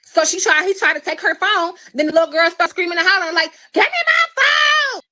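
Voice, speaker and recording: A woman's voice: extremely high pitch, steady tone, fast, sharp tone. A mother ranting on her live stream in a blunt, profane, confrontational way, then telling what happened at home. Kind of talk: angry live-stream rant and storytelling.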